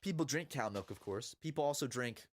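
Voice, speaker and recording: A man's voice: medium pitch, animated, a little fast. A young man chatting casually and crudely while playing a building game, rambling with lots of restarts. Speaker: gaming video host. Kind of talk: casual chat.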